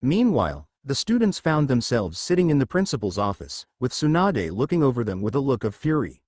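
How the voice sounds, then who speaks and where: A man's voice: medium pitch, very animated, brisk, darkish tone, no room sound, clean studio sound. A man reading a fan-fiction story aloud as narrator, voicing the characters with little change in his voice.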